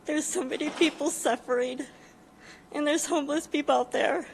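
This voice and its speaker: A woman with a slightly high voice speaks to a council, close to tears. Her comment is earnest and halting, full of pauses. She stays heartfelt throughout. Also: gravelly, slight background noise, poor audio. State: emotional, near tears. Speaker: public commenter. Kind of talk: city council public comment.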